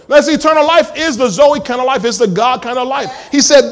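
Guy preaching, real high voice, keeps asking the church "got it?". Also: fast, few pauses. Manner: call-and-response, emphatic preaching, asks the congregation questions. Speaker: pastor. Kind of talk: sermon.

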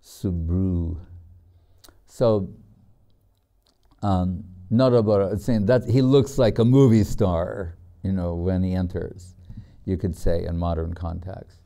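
Slow, dark-voiced older man preaching. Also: low-pitched, steady tone, vocal fry. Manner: storytelling, frequent "you know", acts out quoted voices. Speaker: spiritual teacher. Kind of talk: sermon lecture.

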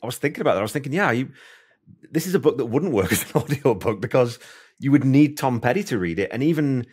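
A man's voice: mid-range voice, animated, fast talker, darkish tone, breathy edge. A man hosting a podcast interview, chatting casually and thinking aloud with plenty of asides. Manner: rambling, thinks aloud, many "you know" asides. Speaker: podcast host.

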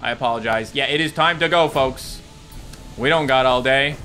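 A man in his thirties giving excitable, jokey let's-play commentary, talking to enemies and viewers. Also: mid-range voice, moderate pace. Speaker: gaming YouTuber.

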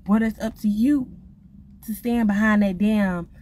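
A woman ranting casually to the camera, blunt, profane and animated. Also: mid-range voice, a little slow, slight background noise. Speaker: vlogger.

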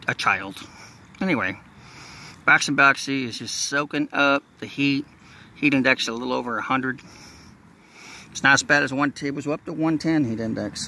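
A folksy Southern man from Texas, rambling along to his viewers while filming outside. His voice is bright and forward. Faint outdoor ambience runs behind him. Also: mid-range voice, a little hiss or hum. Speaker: nature vlogger. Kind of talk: casual outdoor vlog narration. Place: outdoors in marsh near a bridge.

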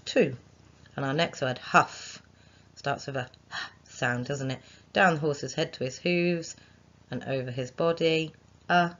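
A woman's voice: low voice, lo-fi sound. A woman, a primary school teacher giving a recorded phonics lesson to young children, sounding out letters and chanting rhymes for writing them.

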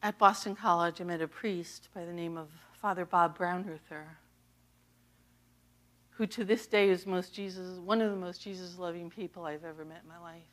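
A middle-aged woman serving as associate pastor, from the US East Coast, preaches her personal testimony at a moderate pace with a fairly low pitch. She laughs often and tells the story with animation.

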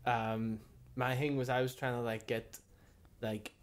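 A Northern Irish man tells a story on a podcast in casual chat. He rambles and leans on ums and likes as he goes. His pitch is ordinary. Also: flat delivery, a little slow. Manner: rambling anecdote, many fillers.

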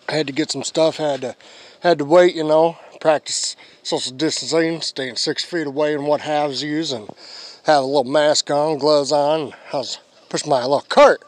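A man's voice: on the high side, normal speed, dry recording. A young man vlogging and telling a story to camera in a crude, rambling way, swearing a lot.

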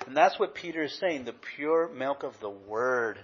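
A man's voice: mid-range voice, expressive, normal speed, muffled recording, a little hiss or hum. A man, an associate pastor, preaching a conversational sermon with anecdotes.

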